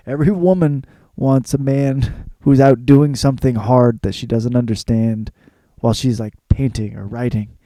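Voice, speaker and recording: Rambling, gravelly man with a dark voice. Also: mid-range voice, no room sound. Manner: crude, rambling, self-mocking, lots of fillers and cursing. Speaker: podcast host. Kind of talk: casual rambling comedic monologue.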